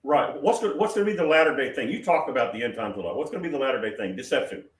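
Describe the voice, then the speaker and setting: A man's voice: medium pitch, animated, very fast. Man rambling emphatically, far from mic. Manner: rambling, emphatic, many restarts. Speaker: prophetic show host. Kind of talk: prophetic question-and-answer talk. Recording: roomy sound from far off the mic.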